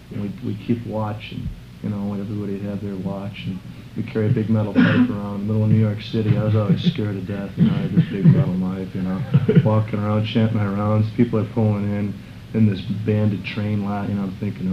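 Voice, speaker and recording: A middle-aged man telling casual stories in a rambling way, using many fillers and acting out quotes in a raised voice. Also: lowish voice. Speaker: interviewee recalling a friend. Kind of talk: casual storytelling. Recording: muffled recording with clear background noise.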